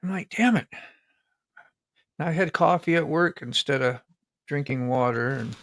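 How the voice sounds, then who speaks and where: A man's voice: fairly high pitch, normal speed, a bit bright. A man hosting a live stream, chatting casually in a joking, rambling way and laughing often. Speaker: livestream host.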